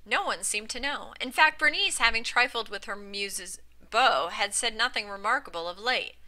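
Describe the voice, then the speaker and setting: A woman's voice: fairly high pitch, lively intonation, moderate pace, sharp tone, low-quality recording. A woman reading a literary short story aloud as narrator, with occasional slips and restarts and a livelier lift for the dialogue. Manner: reads aloud with small slips and restarts, lifting her voice for quoted lines. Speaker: reader. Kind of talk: audiobook narration.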